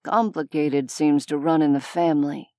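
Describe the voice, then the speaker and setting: A woman voicing a calm man with a dry, gently sardonic way of talking. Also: deep voice, normal speed, no room sound.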